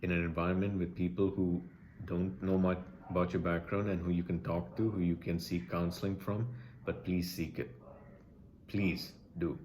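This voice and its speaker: A man's voice: low voice, flat delivery, moderate pace, a little mellow, a little hiss or hum. A man speaking earnestly and emotionally to his viewers, pleading with them and repeating key phrases for emphasis. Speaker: vlogger sharing personal experience. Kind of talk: earnest personal address to camera.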